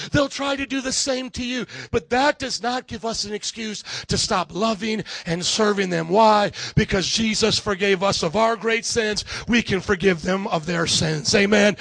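A man's voice: sits high, gravelly, fairly bright tone, dry recording. A male pastor preaching an emphatic sermon, calling for amens from his congregation. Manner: emphatic, call-and-response with the congregation. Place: church service.

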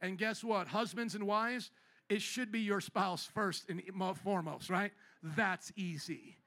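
A male pastor preaching a sermon in church, teasing and joking with the congregation. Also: sits high. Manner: playful, teasing, animated preaching. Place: church sanctuary.

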